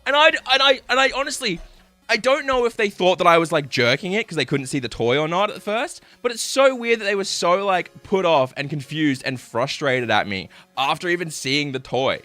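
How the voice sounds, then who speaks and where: Young male streamer, lively, bright voice, casual storyteller who swears. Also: a little high, normal speed, hardly any pauses, no echo, faint music behind. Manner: animated, swearing, laughing while telling stories. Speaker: livestreamer.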